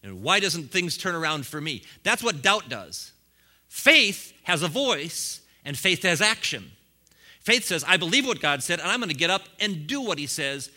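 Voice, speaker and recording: A man delivers a sermon in a very bright, ringing voice pitched a little high. He swings between quiet, conversational asides and loud, fiery exhortations, chuckling often along the way. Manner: preaching with rising bursts and chuckles. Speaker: pastor.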